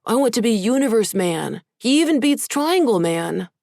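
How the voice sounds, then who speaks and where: Nerdy teen boy, pedantic and protesting , woman reader, lifted pitch. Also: very animated, normal speed, creaky, a little mellow, dry recording, clean studio sound.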